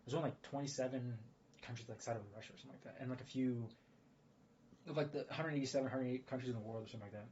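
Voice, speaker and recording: A man's voice: mid-range voice, steady tone, racing, a little mellow. A man giving rambling casual commentary, full of fillers and restarts. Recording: dull lo-fi audio with faint noise.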